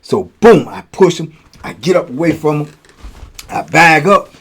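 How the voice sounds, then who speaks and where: A man telling stories from prison in a casual, animated way, acting out blows with sound words. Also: a little high, a little slow, vocal fry, breathy edge. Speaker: storyteller, host.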